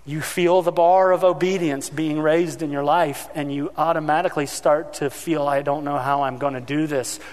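His voice on the high side, a man preaches as pastor in a large hall. The sermon is full of animated storytelling, with him mimicking the voices involved and replaying his own shouts.

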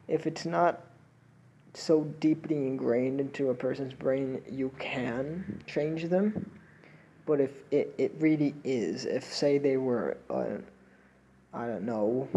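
A man's voice: mid-range voice, vocal fry, warm tone, slightly rough, low-quality recording. A young man hosting a solo podcast with a slight Latin American accent, rambling, laughing and swearing while he paces around a room. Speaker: podcast host. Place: indoors, pacing around a room.

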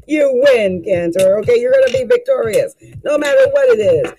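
A tarot reader talks through a casual card reading with lively, swooping pitch and plenty of exclamations. The delivery is folksy and coaching, aimed straight at the listener, with faint music underneath. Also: moderate pace, low-quality recording.

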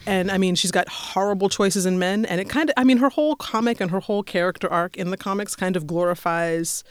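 A woman talks through a film review in casual conversation, opinionated and lively, and she often breaks into laughter. Her voice sits at a middling pitch. The sound is close and dry. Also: a little fast, clear, resonant tone, no echo. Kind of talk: casual movie review chat.

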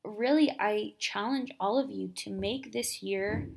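A young woman talks through a casual motivational podcast episode, chatty and upbeat. Her mid-pitched voice carries a noticeable vocal fry. She keeps it conversational, with quick asides and plenty of filler words. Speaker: podcast host.

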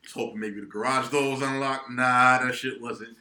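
A young man co-hosting a podcast, telling a profane, animated story among friends. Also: medium pitch, normal speed. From New England, United States. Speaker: podcast co-host. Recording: echoey room.

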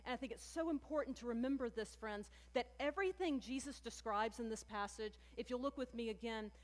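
A woman pastor preaches with a high, bright-pitched voice, talking to her congregation as friends and leaning hard on key words. Her voice rings out with a long echo, as if it fills a large sanctuary. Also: a little fast. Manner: conversational, addresses listeners as friends, animated emphasis. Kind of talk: sermon. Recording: long hall reverb.

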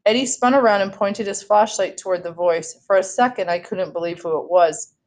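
A woman reading a children's novel aloud in a steady storytelling voice, now and then correcting herself. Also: mid-range voice, fairly quick. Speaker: read-aloud host.

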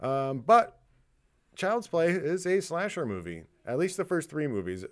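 A man's voice: on the high side, very animated, a little slow. A man hosting a podcast in casual chat, ranting and swearing freely and laughing often. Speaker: podcast host.

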